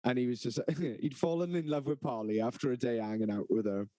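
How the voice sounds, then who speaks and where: A man's voice: mid-range voice, steady tone, brisk, dark tone, dry recording, low-quality recording. A man co-hosting a podcast, telling a festival story in casual, sweary, laughing banter. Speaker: podcast co-host.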